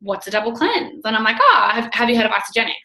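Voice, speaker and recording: Young woman in her twenties, effusive and chatty, bright forward tone, echoey room. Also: a little high, very animated, fast talker, a little hiss or hum. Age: 20s. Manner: bubbly, effusive, acts out quoted talk. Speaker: guest entrepreneur. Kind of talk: casual call chat.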